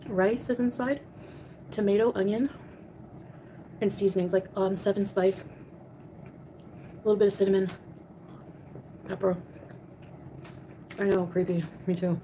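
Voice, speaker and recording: Woman, young adult, livestream host, casual eating chat, mellow tone, talks between bites, faint background noise. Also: mid-range voice, steady tone, a little slow, long pauses, low-quality recording. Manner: chatty, greets viewers by name, talks with mouth full.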